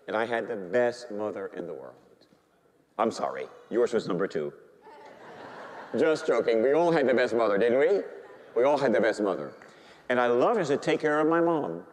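A male Catholic priest preaching a sermon, telling his story animatedly and bantering with the congregation. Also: mid-range voice. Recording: long hall reverb.

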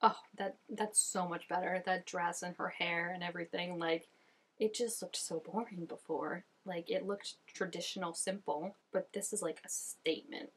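A woman's voice: fairly low pitch, steady tone, normal speed, husky. A young woman giving casual reaction commentary, chatty and full of "like" fillers. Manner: chatty, filler-heavy with constant "like". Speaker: reaction video host.

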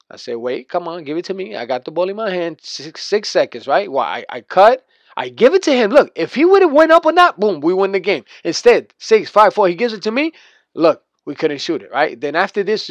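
Boastful trash-talking man, higher voice. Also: no room sound. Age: adult. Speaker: video game player. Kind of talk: gameplay commentary rant. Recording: dull lo-fi dry recording.

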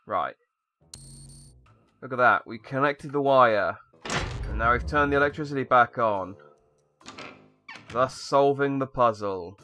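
Bright, sarcastic young man gaming. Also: mid-range voice, unhurried, pauses often, highs cut off, faint music behind. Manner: sarcastic, rambling, mocking the game. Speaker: gaming YouTuber. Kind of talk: sarcastic let's-play commentary.

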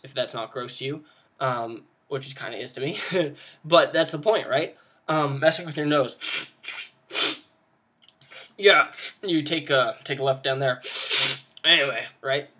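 A young man with a slightly high voice gives a casual, off-camera tutorial on tabletop role-playing. He rambles a little and fills the gaps with ums and quick restarts, so it sounds like relaxed, unscripted talk. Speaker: tabletop game tutorial host. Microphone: voice-over with no face shown.

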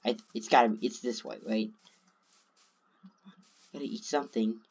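Husky man swearing through his gameplay. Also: medium pitch, steady tone, moderate pace, long pauses, highs cut off. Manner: swears constantly, talks to himself. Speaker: gamer. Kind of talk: let's play commentary.

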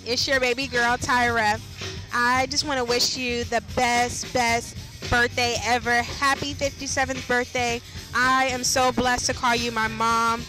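Young woman, high voice, pretty even delivery, loving message, music going behind her. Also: measured pace. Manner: tender, devout and encouraging. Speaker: daughter leaving a birthday message. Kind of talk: heartfelt recorded birthday message. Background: party music.

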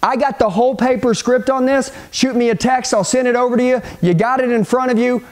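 A middle-aged man giving an energetic sales training talk, punchy and hyped, speaking straight to the listener and acting out phone calls. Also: very high-pitched, brisk.

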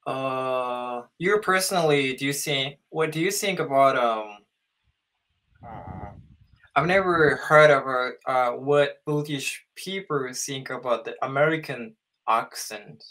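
Practicing his English on a video call, a man from Japan in his thirties chats casually, pausing often as he looks for the right words, with a Japanese accent. He speaks slowly in a medium-pitched voice with a sharp tone.

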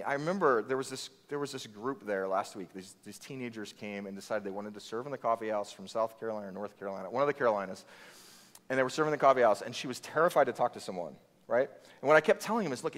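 Animated pastor preaching in a reverberant hall. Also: male voice, medium pitch. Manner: conversational, animated storytelling with quoted voices. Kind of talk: sermon. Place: church hall. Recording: long reverb of a church hall.

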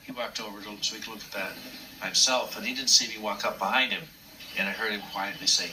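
An older man recounting memories in an unhurried, anecdotal way. His voice is low and bright-edged, and he sits a little back from the mic with faint noise around him. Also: fairly even intonation, recorded from a distance, rough recording. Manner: warm, anecdotal, acts out quotes. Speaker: puppeteer. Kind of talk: reminiscing interview storytelling.

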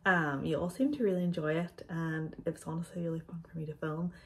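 A woman's voice: deep voice, quick pace. A woman, chatting casually to camera as she answers viewer questions, a bit out of breath and sprinkling in ums. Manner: chatty, loose, frequent ums. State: slightly out of breath. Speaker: vlogger.

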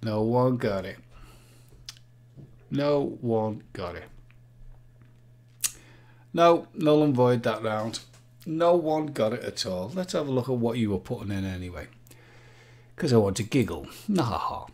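A man's voice: medium pitch, expressive, a little slow, long pauses, a little mellow. Male quiz host, cheeky banter, humming jingles, casual live-stream delivery. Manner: jokey, sings jingles, reads out viewer names.

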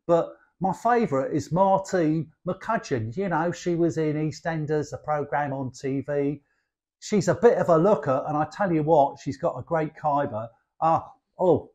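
An older man with a broad Cockney accent speaks slowly, his voice sitting high for a man. He explains slang cheekily, with playful asides. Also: a little mellow. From East End of London. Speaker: guest dialect speaker.

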